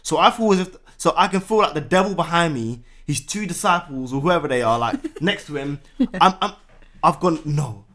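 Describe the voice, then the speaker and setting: A young man tells a personal story in a casual conversation. His voice sits a little high and his words tumble out quickly. He keeps slipping into animated re-enactments of how he reacted, full of slang fillers. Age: 20s. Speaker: guest.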